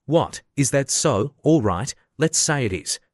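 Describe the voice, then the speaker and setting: A man's voice: medium pitch, animated, measured pace, dry recording, clean studio sound. A man voicing a sheltered, clingy young woman in a narrated manga recap. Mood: naive. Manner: clingy, naive.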